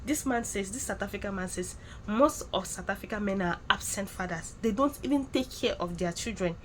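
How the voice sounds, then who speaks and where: A woman hosting a casual commentary vlog, animated and teasing. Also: mid-range voice, brisk, slight background noise. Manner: animated, teasing, laughs at own jokes. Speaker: YouTube commentator.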